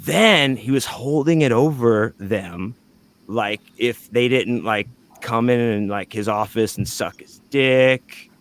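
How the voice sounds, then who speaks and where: A man of middle pitch spins a loose story on a podcast. He rambles and leans on fillers. He swears freely as he goes. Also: takes it slowly. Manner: rambling, filler-heavy, profane anecdote telling. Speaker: podcast guest.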